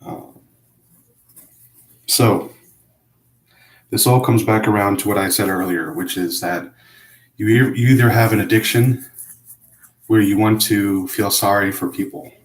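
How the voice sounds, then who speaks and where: Man, very low voice, halting confessional monologue, roomy echo. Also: fairly even intonation. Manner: hesitant, halting, self-critical, many fillers and restarts. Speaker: vlogger.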